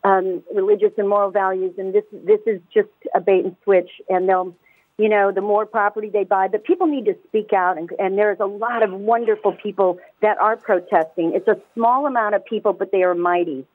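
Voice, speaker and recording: A woman calling in to a radio talk show, speaking fast and emphatically and often restarting her words. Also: mid-range voice, fairly even intonation, no echo. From United States. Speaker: caller. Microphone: telephone. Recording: tinny phone line, dry.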